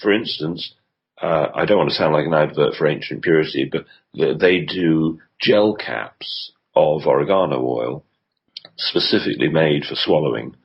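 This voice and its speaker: As a health consultant guest on a radio interview, a man with a deep, husky, breathy voice explains at length, hesitating with frequent ums and restarting sentences. The audio is dull and lo-fi, like a remote line.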